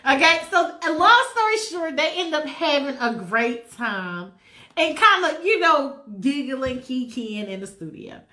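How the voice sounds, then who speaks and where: A woman casually telling a story, animated, chatty and profane. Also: sits high, a little slow.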